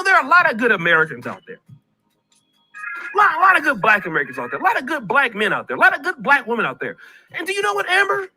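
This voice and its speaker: A man's voice: extremely high pitch, bright, forceful tone. A man hosting a commentary vlog, ranting in a preachy way, repeating himself and calling out people by name.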